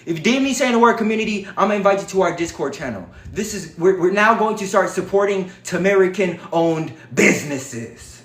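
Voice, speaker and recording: A man hosting a livestream, talking in an animated, profane, preachy way. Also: sits high, a little fast, few pauses, roomy sound. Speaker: livestream host. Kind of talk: casual livestream talk.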